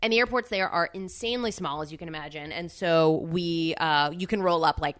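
Bright-voiced woman telling a story. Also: on the low side, fairly quick. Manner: animated storyteller who acts out quotes. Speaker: podcast co-host. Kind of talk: casual chat.

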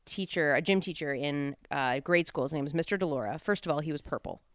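A woman's voice: deep voice, fast, dry recording, clean studio sound. A woman in her thirties from New Jersey, co-hosting a casual podcast chat with playful, teasing banter. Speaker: podcast co-host.

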